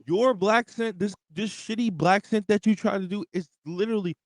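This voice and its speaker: Young guy going off on a podcast, kinda high voice, super dry close mic. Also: brisk, no echo. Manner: animated, profane, reads out superchats. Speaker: podcast co-host. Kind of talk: casual wrestling podcast rant.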